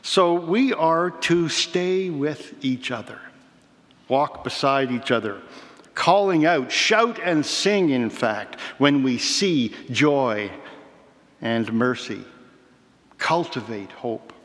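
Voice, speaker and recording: A man preaching a sermon in a measured, reflective way, with slow emphatic pauses. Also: medium pitch, expressive, a bit bright. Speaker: pastor. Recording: reverberant hall.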